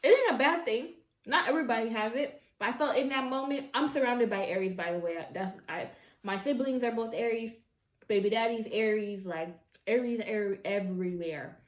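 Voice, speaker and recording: A woman telling a story casually while eating on camera at home, chatty and expressive, with slangy asides to her viewers. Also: a little high, a little fast. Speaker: mukbang vlogger. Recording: echoey room.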